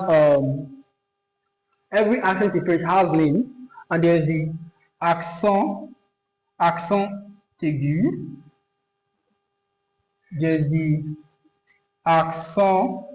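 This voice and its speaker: A man teaching a lesson at a board, speaking slowly and repeating himself, often checking that his listeners follow. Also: sits high, a little mellow. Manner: slow, repetitive, checks understanding. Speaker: French teacher. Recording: echoey room.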